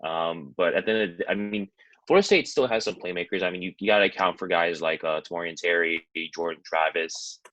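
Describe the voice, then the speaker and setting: A man joins a sports talk show as a guest, working through his opinions with a lot of "um"s and "I mean"s. His voice sits very low. The sound is dry and close to the mic. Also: a little fast, fairly bright tone, no echo, rough recording. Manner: hesitant, rambling with fillers.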